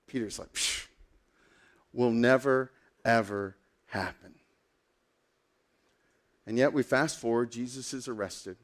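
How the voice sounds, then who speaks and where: A man preaching a sermon as a pastor, telling a story in a casual, animated way with lots of fillers. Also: medium pitch.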